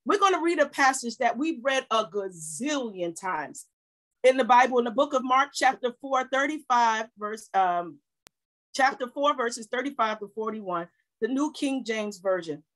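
A woman pastor preaching a sermon to her church, exhorting and repeating her points, rising to shouts. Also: on the high side, animated, normal speed, low-quality recording.

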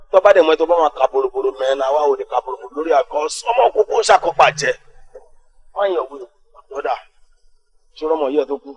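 A man's voice: on the high side, lightly acted, rough recording. An actor playing a brash young male street gang leader with a Nigerian accent, mixing Yoruba and Pidgin in a swaggering street voice. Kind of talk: Nollywood film acting.

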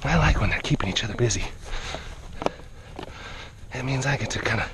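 Against a noisy background, a man with a medium-pitched voice talks briskly and with lively intonation. Working with big cats, he vlogs breathlessly outdoors, offering offhand commentary as he coaxes the animals and talks to them in between.

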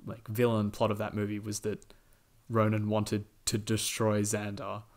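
Low, flat-voiced man recapping a movie. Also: unhurried. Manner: recaps the plot with many fillers and quoted lines. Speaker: podcast host. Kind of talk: casual movie discussion.

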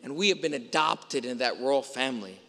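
A man's voice: medium pitch, lively intonation, normal speed, bright, forceful tone. A man preaching a sermon as a priest, telling a story and asking emphatic rhetorical questions. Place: large church. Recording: long church reverb.

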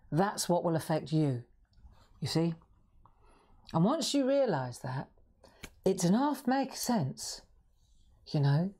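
A woman with a slightly croaky voice hosting a live craft stream, chatting and reassuring her viewers. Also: lowish voice, big pitch swings, slow pace, long pauses, mellow. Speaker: craft livestream host. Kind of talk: casual live-stream chat.

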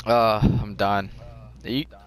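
A man's voice: lowish voice, steady tone, unhurried, a bit bright, slight background noise. A man chatting casually while playing an online game, teasing and laughing in disbelief. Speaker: gamer streamer. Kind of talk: casual gameplay chat.

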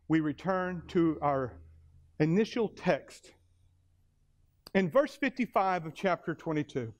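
Sex: man. Role: pastor. Style: sermon. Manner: dramatic, slows down for weight. Pitch: high for a man. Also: animated. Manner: dramatic storytelling, slowing for emphasis.

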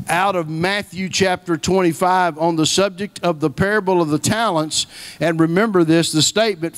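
High-voiced man preaching a folksy sermon. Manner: storytelling, folksy, repeats key phrases for emphasis. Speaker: guest preacher.

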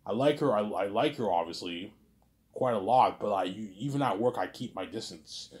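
A man with a somewhat low voice rambles through a casual to-camera monologue. He trips over his own words and keeps circling back to the same pet phrases. His talk is loose and peppered with crude slang. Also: moderate pace. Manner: repeats "obviously" and "you know what I'm saying", stumbling restarts, crude slang. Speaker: vlog host talking to camera.

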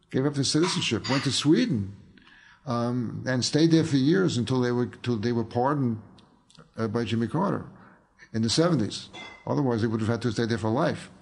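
A man's voice: mid-range voice, creaky, slight background noise. An older man, an author and filmmaker, telling rambling anecdotes in a casual interview, full of fillers and restarts.

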